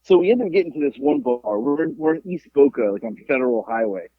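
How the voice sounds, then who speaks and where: Gravelly, animated man telling stories. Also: fairly high pitch, fast, no echo. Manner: profane, animated, acts out the people in his stories. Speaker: podcast host. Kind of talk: casual storytelling chat. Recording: dull lo-fi podcast audio.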